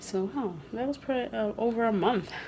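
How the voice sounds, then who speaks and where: Candid rambling mom vlogger. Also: female voice, fairly high pitch, a little fast, warm tone, a little hiss or hum. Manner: rambling, candid, many fillers. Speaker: vlogger, mother. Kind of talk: casual talk to camera. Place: home living room.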